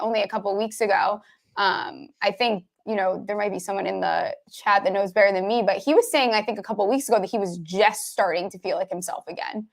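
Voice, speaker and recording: Female co-host, casual sports chat, mid-range voice, loose and rambling. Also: medium pitch. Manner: chatty, rambling, lots of fillers like "like". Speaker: sports betting podcast co-host.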